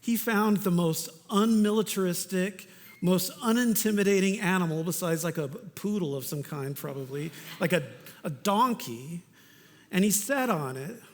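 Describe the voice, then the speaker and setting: A male pastor gives a sermon at a moderate pace, his fairly high voice echoing through a church hall's long reverb. His delivery is earnest and chatty, sprinkled with casual asides.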